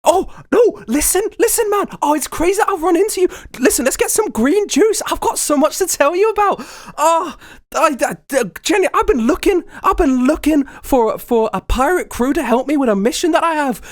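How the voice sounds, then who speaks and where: A man voicing an overeager young male superfan, gushing with excitement in a tabletop game. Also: very high voice, voice pushed up. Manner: gushing, rapid-fire excitement.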